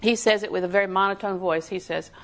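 A woman's voice: mid-range voice, steady tone, quick pace, a bit bright. A woman preaching a sermon in a folksy, emphatic way, often putting questions to her listeners.

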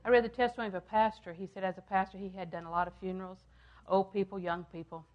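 An older woman preaching a sermon, repeating phrases for emphasis and swinging from loud, emphatic lines down to hushed ones. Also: medium pitch, steady tone, fast, muffled recording.

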